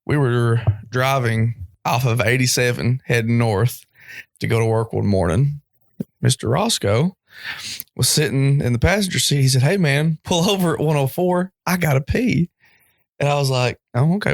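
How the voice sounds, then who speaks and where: A man's voice: medium pitch, moderate pace, dry recording, clean studio sound. A young man co-hosting a podcast, chatting casually and laughing as he tells stories and acts out quotes. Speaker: podcast co-host. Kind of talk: casual chat.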